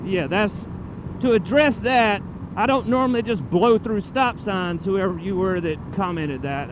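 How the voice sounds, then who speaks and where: A motorcycle vlogger with a voice on the high side rides through town, rambling casually to his viewers and swearing now and then as he drifts off topic. His chatty, loose, digressive talk is picked up by a helmet-mounted camera mic, with road and traffic noise around him outdoors.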